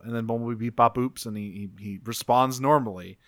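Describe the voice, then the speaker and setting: A podcast co-host chats casually in a clean, dry studio recording, his medium-pitched voice moving at a brisk clip. He's laid-back, swears freely and laughs often.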